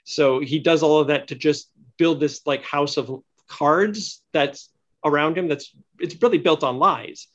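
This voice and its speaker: A man's voice: on the high side, a little slow, a bit bright. A man talking in a casual podcast discussion, explaining his ideas at length with fillers. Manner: thoughtful, long-winded explaining with fillers. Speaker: podcast guest. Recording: lo-fi muffled sound.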